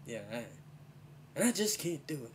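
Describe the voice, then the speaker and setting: A man's voice: fairly high pitch, sing-song, moderate pace, noisy background. A man chatting casually in a vlog about doing voices, rambling with lots of fillers while fighting a slight head cold. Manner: rambling, full of "you know" and "uh". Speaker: vlogger and impressionist. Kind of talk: casual chat.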